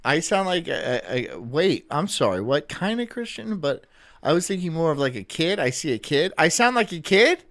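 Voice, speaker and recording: A man's voice: a little high, very animated, moderate pace, fairly bright tone. A young man streaming on a headset mic, chatting casually in a joking, defensive way and laughing often. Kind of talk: casual livestream chat.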